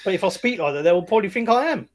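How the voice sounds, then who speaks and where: Laid-back guy co-hosting a movie chat, laughs a lot, slightly higher voice. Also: lively intonation, racing. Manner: easygoing, laughs often. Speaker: podcast co-host. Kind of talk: casual film review chat.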